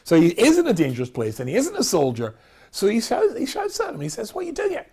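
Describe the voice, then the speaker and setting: A man from Scotland, a rabbi giving a storytelling lecture, animated, with loud exclamations and quiet asides. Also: sits high, fast talker, husky.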